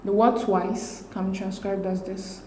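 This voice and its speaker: A woman, working through exam questions as a tutor in a steady, methodical way. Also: mid-range voice, measured pace, a little hiss or hum. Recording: echoey room.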